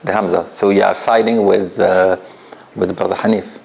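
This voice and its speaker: A man's voice: deep voice, steady tone, normal speed, creaky, a little mellow, slight background noise. A man teaching a tajweed class in an office, patient and laughing often as he asks the students questions. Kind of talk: classroom lesson.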